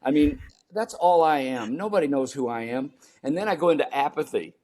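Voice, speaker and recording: Animated older American man telling stories. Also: on the high side, brisk, few pauses. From United States. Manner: animated storyteller, acts out his own panicked voice. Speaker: guest, performance coach. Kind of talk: storytelling interview talk.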